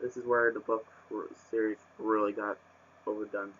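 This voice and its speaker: This man's fairly low, flat voice moves at normal speed with a fairly bright tone as he reviews a book in a casual vlog. He rambles, fills gaps and restarts, then bursts into exasperated rants, all through a muffled webcam microphone.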